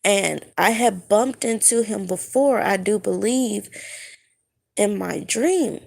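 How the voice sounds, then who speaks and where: Woman, fresh out of bed, recounting a dream, searching for words, slow, gravelly fry. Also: medium pitch. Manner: halting, searching for words, many fillers. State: just woken up. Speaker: spiritual vlogger. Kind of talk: casual monologue recounting a dream.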